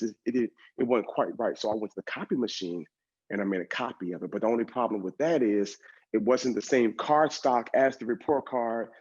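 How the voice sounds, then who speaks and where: A man delivers a motivational keynote with animated, conversational storytelling and speaks directly to his listeners. His voice sounds slightly husky at a middling pitch. The recording is dull and lo-fi. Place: event stage.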